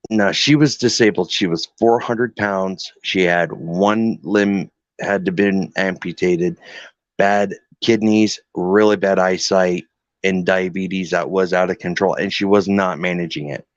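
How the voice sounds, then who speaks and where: Low-voiced man telling stories, muffled. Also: unhurried, no room sound. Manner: animated storyteller, acts out dialogues, swears freely. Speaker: guest caregiver. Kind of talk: casual chat. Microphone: online call. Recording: muffled lo-fi call audio.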